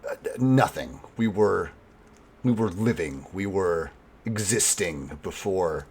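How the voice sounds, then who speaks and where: A man voicing a proud, scornful female elf priestess held captive, speaking quietly in a low, clipped way. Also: animated, slow, a little hiss or hum, exaggerated voice. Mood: sullen.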